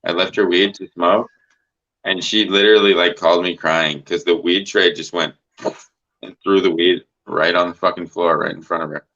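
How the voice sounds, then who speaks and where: A man's voice: low-pitched, fairly even intonation, moderate pace, bright, forceful tone. A man hosting a casual livestream chat, rambling and swearing with lots of filler words. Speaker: host. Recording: dull lo-fi stream audio.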